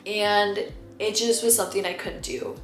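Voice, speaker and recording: A woman's voice: mid-range voice, steady tone, moderate pace. A young woman vlogger talking to camera in a candid, rambling, confessional way. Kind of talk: casual chat to camera. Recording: roomy echo, faint music behind.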